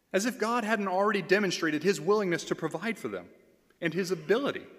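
A man's voice: fairly high pitch, fairly bright tone. A man serving as a pastoral intern, preaching a sermon in an earnest way, reading scripture aloud and repeating phrases for emphasis. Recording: long hall reverb.

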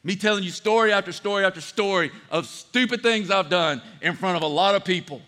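A pastor preaching a sermon, a man who tells animated stories and acts out the voices of people he quotes. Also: sits high, fairly quick. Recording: church hall reverb.

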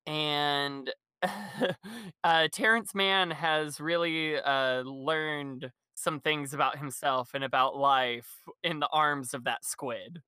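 A man chatting casually on a podcast, wandering through his thoughts with lots of fillers and laughter. His voice is bright and smooth, and the sound is dry and close. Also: fairly high pitch, fairly even intonation, slow, no echo. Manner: rambling, laughs often, many fillers. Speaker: podcast co-host. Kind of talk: casual chat recapping a musical.

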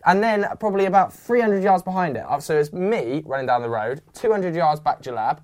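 A man, a podcast host, retelling a story in casual chat with animated, vivid delivery and some swearing. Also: on the high side, brisk, a crowd in the background.

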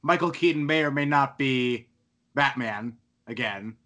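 A man's voice: mid-range voice, moderate pace, bright, forceful tone. A man hosting a movie podcast, chatting casually with friends in a rambling, self-deprecating way with lots of hesitation. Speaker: podcast host. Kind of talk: casual chat.

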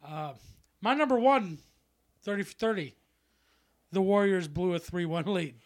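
A man co-hosting a podcast, excitable and profane in casual chat, laughing often. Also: sits high, a little slow. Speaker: podcast co-host.

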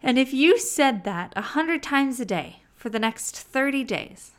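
A woman teaching self-help in a slow, deliberate way, with playful asides. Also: sits high, lively intonation. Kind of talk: motivational teaching monologue.

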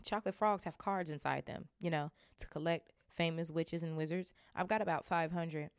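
A chatty, slightly sheepish boy wizard who is always explaining things, voiced by a woman reading the book aloud. His voice is low and gravelly, with a dry, close sound. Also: steady tone, moderate pace, no echo.

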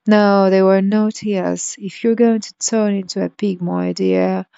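A polite, earnest young girl from a storybook, as a woman reading aloud puts her on. She speaks slowly and carefully in a soft, mellow voice. The recording sounds dull and lo-fi. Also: mid-range voice, level tone, creaky, clear, resonant tone, no room sound.

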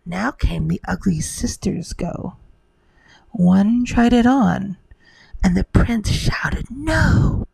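A woman's voice: medium pitch, slow, gravelly, mellow, husky, no room sound, rough recording. A woman telling a rhymed bedtime story to the listener in a whispered role-play.

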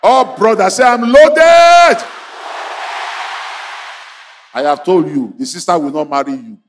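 A man preaching a fiery sermon, leading the crowd in call-and-response chants and bursting into shouts. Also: a little high, sing-song, fairly quick, slightly rough. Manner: exhorting, repetitive, bursts into shouts.

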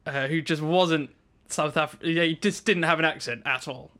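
A man's voice: a little high, moderate pace, sharp tone. A young English man co-hosting a casual podcast, telling a funny story and bantering with his friend. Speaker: podcast co-host. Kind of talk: casual chat.

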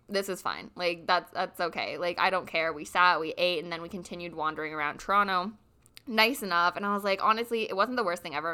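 A young woman in her twenties casually telling a dating story, animated and full of "like", acting out the other people's voices. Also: on the low side, smooth. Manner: animated, says "like" constantly, acts out voices.

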